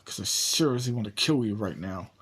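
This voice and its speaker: A man voicing an angry, defiant captive young woman, his voice pitched up, startled and pleading, in a homemade spoken story. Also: lively intonation, a little fast, fairly bright tone, slightly rough.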